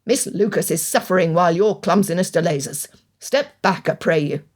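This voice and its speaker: A woman reading an audiobook, voicing a stern older male country gentleman with dry, cutting wit and measured speech. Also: high-pitched, lively intonation. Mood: irritated.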